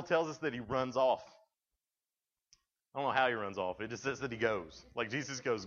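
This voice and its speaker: A man's voice: medium pitch, moderate pace, pauses often, fairly bright tone, lo-fi sound. A man giving a casual, joking sermon to a youth group, acting out the voices in the story he tells. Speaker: youth speaker.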